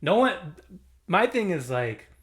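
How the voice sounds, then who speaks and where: A man giving a casual movie review, animated and slangy, laughing often as he talks. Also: a little high, slow.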